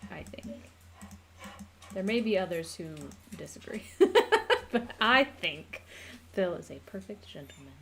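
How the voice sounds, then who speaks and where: A woman's voice: mid-range voice, very animated, slow, vocal fry, a bit bright, a little hiss or hum. An American woman streaming casually at home, chatting and laughing with viewers and her pets while she draws a map. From United States. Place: home room.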